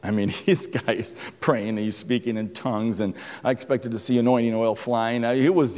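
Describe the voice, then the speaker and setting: A man's voice: on the low side, a little mellow. A man telling a faith story as a sermon, acting out the dialogue and chuckling as he goes. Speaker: speaker giving a testimony talk. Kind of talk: sermon-style personal testimony. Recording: long reverb of a large hall.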